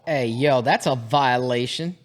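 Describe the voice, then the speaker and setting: A man's voice: medium pitch, a little slow. A man in his forties co-hosting a casual podcast, making laid-back, dry remarks and reading things out. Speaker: podcast co-host.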